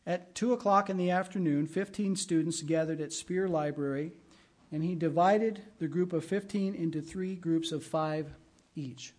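A man's voice: fairly high pitch, moderate pace, a little mellow. A middle-aged man, a pastor, giving a sermon in a conversational way and weaving in personal stories. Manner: conversational preaching with personal anecdotes.

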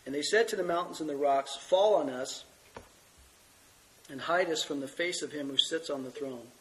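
A man's voice: on the high side, moderate pace, slight background noise, poor audio. A middle-aged male pastor teaching a sermon with earnest scripture reading while fighting a cold and coughing. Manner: earnest, reads scripture aloud.

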